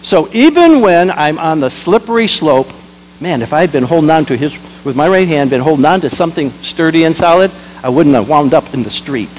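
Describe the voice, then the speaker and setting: A man, a pastor, preaching a sermon, jumping between loud exclamations and quiet asides and leading the congregation in repeating lines. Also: a little high, animated, fairly quick, slight background noise, poor audio. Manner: leads the congregation in call-and-response.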